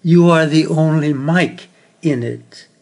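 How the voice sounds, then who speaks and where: Man reading as a kindly Marine sergeant, gruff but gentle, slow and measured, slightly high voice. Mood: gentle, puzzled.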